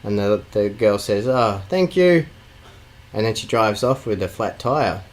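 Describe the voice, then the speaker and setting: Australian man, podcast co-host, rambling, teasing, low voice. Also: fairly even intonation, normal speed, rough recording. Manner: rambling, teasing, many fillers. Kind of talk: casual chat.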